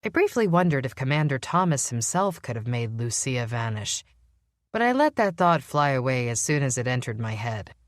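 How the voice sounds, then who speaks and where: Low-voiced woman narrating an audiobook. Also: sing-song, moderate pace, no room sound, clean studio sound. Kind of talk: first-person audiobook narration.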